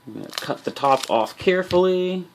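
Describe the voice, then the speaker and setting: A man's voice: sits high, lively intonation, a little fast, a little hiss or hum. Upbeat man opening card packs. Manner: upbeat, chatty, addresses viewers directly. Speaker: host of a card game channel. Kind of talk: casual booster pack opening commentary.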